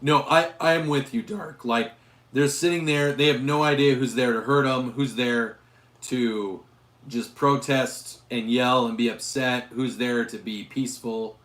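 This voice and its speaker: A man hosts a casual gun livestream, answering viewers while his voice wears hoarse. He rambles and restarts often, at a middling pitch. The room around him rings with echo. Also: fairly even intonation, unhurried, a bit bright. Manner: rambling, with frequent restarts and fillers. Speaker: gun channel host reading live chat.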